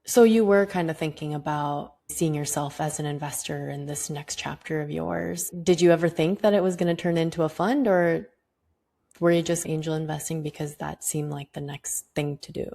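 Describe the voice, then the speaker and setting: A woman hosting a podcast, with a very low, dark voice and a gravelly fry. She asks her guest engaged follow-up questions in a conversational way. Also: normal speed. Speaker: podcast host. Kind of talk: interview questions.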